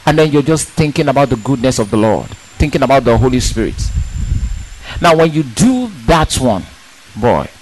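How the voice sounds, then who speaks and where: A man preaching a sermon in an emphatic, animated way, asking rhetorical questions and repeating words for stress. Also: mid-range voice, moderate pace, slight background noise, low-quality recording.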